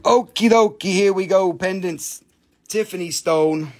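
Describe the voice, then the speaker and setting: An unhurried man with a high-sitting voice, from Appalachia in the U.S., chats through a live online auction, staying playful and silly with plenty of wordplay.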